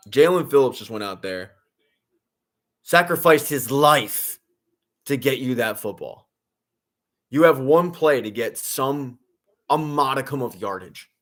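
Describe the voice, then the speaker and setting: A young man with a medium-pitched voice offers casual, sarcastic, deadpan commentary during a live sports watch-along. He rambles and says "like" a lot.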